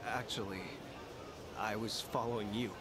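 A man's voice: fairly low pitch, fairly even intonation, normal speed, very noisy, natural voice. An actor playing a polite, earnest, modest young man in a video game.

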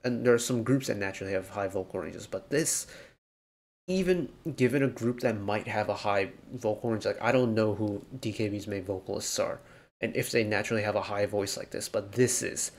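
A man hosting a music reaction video, talking through the song in an analytical, rambling way with lots of fillers. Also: fairly low pitch. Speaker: K-pop reaction host. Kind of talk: casual reaction commentary.

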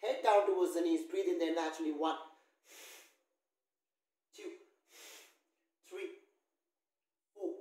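A man's voice: high voice, darkish tone. A man leading a yoga class, calling out poses and counting holds in a firm, coaching way. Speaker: yoga instructor. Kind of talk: live yoga class instruction. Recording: roomy echo, voice from far off.

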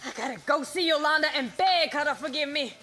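A woman's voice: sits high, a little fast, sharp tone. An actress playing a stern, exasperated working mother who scolds sharply, speaking on a theater stage. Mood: scolding. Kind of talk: stage play acting.

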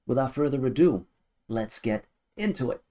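A man's voice: medium pitch, lively intonation, moderate pace, dark tone. A man in his thirties hosting a music reaction video, musing aloud and guessing as he goes. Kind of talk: casual reaction commentary.

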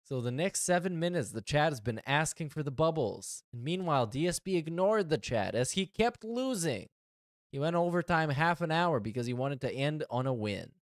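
A man's voice: fairly high pitch, expressive, moderate pace, no room sound. A man hosting a podcast, giving sarcastic commentary on clips with dry, mocking asides. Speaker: podcast host.

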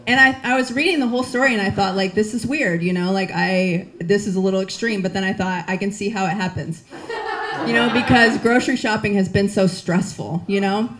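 A woman stand-up comedian in her thirties, telling a chatty, animated story with voiced asides. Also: medium pitch, a little fast, a little hiss or hum. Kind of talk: stand-up set.

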